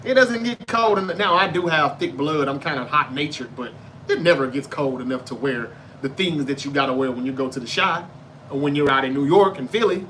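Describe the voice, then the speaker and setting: The Southern American host, a Memphis, Tennessee native, talks fairly quickly in a fairly high voice that sounds pushed and bright. He keeps his live show casual, reading and responding to viewer comments with loose, profane banter. There's slight background noise.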